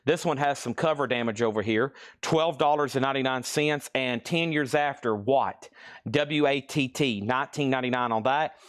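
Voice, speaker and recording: A man hosting a live record sale, briskly rattling off titles and prices, and he is out of breath. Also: mid-range voice, fairly bright tone, no room sound, studio quality. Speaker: host selling vinyl records live. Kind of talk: live auction calling.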